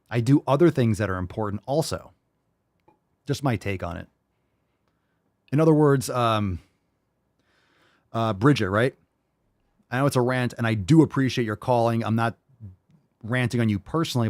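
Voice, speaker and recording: A man's voice: normal speed, long pauses, a little mellow, no room sound, clean studio sound. A man hosting a fitness podcast, ranting bluntly with plenty of swearing. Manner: blunt and profane, with sudden jumps in pitch. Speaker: podcast host.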